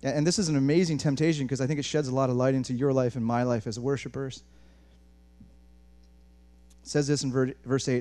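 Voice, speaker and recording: Man, pastor, sermon, animated, restarts words, mid-pitch voice. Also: a little fast, long pauses. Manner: animated, restarts words, talks to congregation as guys.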